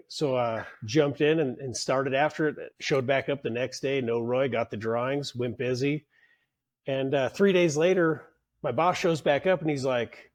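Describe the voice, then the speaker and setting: The union leader on this podcast spins work anecdotes unhurriedly in a medium-pitched voice. It's loose interview storytelling, with him performing the bosses' lines and swearing freely.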